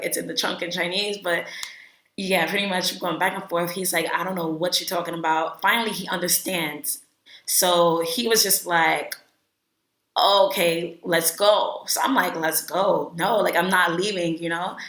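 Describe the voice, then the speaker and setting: A woman's voice: on the low side, reverberant. Chatty young woman telling a storytime. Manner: animated, chatty, many "like" fillers, acts out quotes. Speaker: vlogger telling a travel story. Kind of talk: casual storytime.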